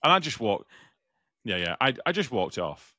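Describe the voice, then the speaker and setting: A British man co-hosting a podcast, telling a story in casual chat, animated and swearing freely. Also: mid-range voice, normal speed, no room sound, studio quality. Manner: animated, swears freely, acts out other voices. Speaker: podcast co-host.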